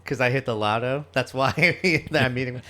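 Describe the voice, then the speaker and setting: Man, podcast co-host, casual chat, rambling, swears freely, laughs often, medium pitch. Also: moderate pace, sharp tone.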